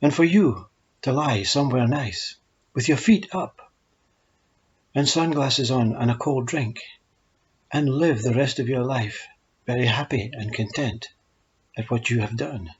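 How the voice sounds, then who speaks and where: A man telling short parables in a calm, measured storytelling voice. His voice is husky and breathy. The recording is dull and lo-fi. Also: medium pitch. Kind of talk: spoken parables.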